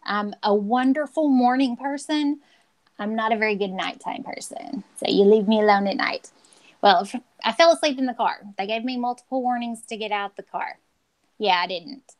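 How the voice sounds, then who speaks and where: A woman's voice: fairly high pitch, moderate pace, low-quality recording. Casual-chat co-host: a blunt woman who likes to act out her stories. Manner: blunt, self-described confrontational, acts out scenes. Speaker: podcast co-host.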